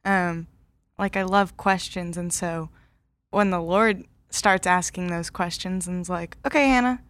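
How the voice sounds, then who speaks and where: Young woman guest, smooth voice, lively casual storyteller. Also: fairly low pitch, unhurried, dry recording. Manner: animated storyteller, frequent "like" fillers. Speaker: guest speaker. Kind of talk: casual podcast chat.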